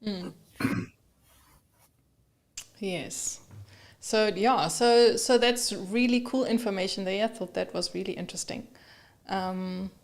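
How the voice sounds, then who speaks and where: A woman co-hosting a photography live stream, chatting casually with viewers and her co-host, with many fillers and pauses. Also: medium pitch.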